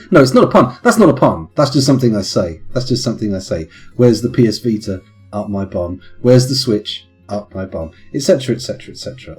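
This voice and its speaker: With a low-leaning, darkish voice, a father streams a game live, his casual chat wandering off into rambling, pun-filled tangents.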